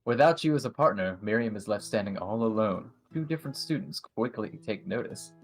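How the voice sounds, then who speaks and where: A man who is a chef and streamer, narrating a dating game and adding measured asides about cooking school. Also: lowish voice, animated, soft background music. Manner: measured, explains things with asides.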